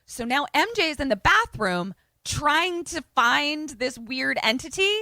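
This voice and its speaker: A woman's voice: high-pitched, measured pace, no room sound. A woman co-hosting a podcast, casually recapping a movie and acting out the characters' lines. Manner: animated retelling, acts out characters' lines. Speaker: podcast co-host.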